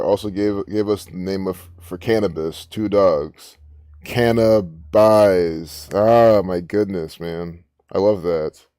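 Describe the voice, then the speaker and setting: A man's voice: lowish voice, dark tone, no echo, studio quality. A man giving rambling, profane, incredulous commentary while reading social media posts. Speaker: online commentator.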